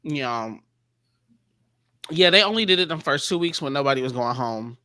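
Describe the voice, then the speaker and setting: A man hosting a casual panel chat, animated and quick to act out other people's lines. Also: mid-range voice, dry recording. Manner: animated, quotes people in exaggerated voices. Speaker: panel host.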